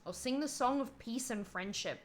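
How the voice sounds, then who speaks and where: A woman's voice: fairly high pitch, normal speed. A young adult woman streaming a first playthrough of a video game, reading the game text aloud and joking about it. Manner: playful, reads game text aloud with quips. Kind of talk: casual game playthrough commentary.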